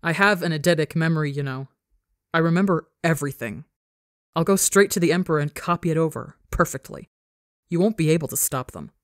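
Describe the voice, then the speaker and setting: A woman voicing a furious, scarred young man who yells and snarls, swearing, in a read-aloud story. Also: sits low, fairly quick, no room sound, clean studio sound, natural voice. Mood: coldly threatening. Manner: yelling, snarling, profane.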